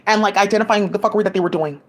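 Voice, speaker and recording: A woman's voice: mid-range voice, rapid-fire. A woman giving rambling, profane commentary full of restarts, agitated asides and fillers, speaking into a home mic. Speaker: commentary vlogger.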